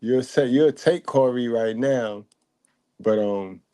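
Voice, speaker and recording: A man talks in a loose, joking, slangy way as he reacts to a clip. His voice is dark and mellow. The sound is dry and close, with little room around it. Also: mid-range voice, takes it slowly, clear, resonant tone, no echo. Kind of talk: casual reaction commentary.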